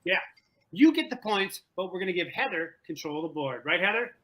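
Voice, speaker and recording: A man hosting an online trivia game over a video call, animated and joking, often repeating himself. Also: high voice, fairly quick, low-quality recording. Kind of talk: playful game-show hosting. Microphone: video call from home.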